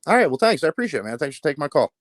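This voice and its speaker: A man's voice: fairly high pitch, big pitch swings, very fast, dry recording. Man, sports caller, level-headed, explains his take, dry close sound. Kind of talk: casual sports call-in talk.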